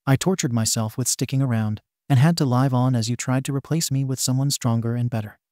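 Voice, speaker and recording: A man's voice: mid-range voice, fairly quick, darkish tone, dry recording, clean studio sound, lightly acted. A man voicing a bitter, scarred young male villain confronting his father in a fan fiction reading, menacing and accusing.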